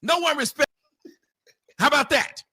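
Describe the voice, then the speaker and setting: Male debater, high bright voice, sarcastic, argues loudly. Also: moderate pace. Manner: loud, sarcastic, often shouting. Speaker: debate panelist. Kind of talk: heated argument.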